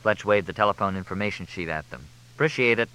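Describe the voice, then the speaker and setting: A man reading an audiobook as narrator, in a measured, expressive way. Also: low-pitched, poor audio. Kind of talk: scripted narration.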